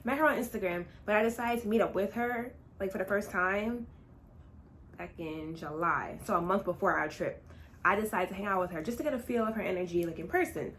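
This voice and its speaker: Animated young woman telling a story. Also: mid-range voice, a little hiss or hum. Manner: animated, chatty, talks straight to viewers; dramatic retelling, swings between fast and drawn-out. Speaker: vlogger. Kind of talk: casual storytime.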